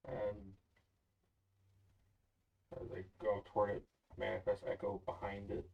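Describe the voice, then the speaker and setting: Low gravelly player, distant and dull. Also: male voice, monotone, measured pace. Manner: matter-of-fact, calls out rolls. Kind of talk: casual tabletop play.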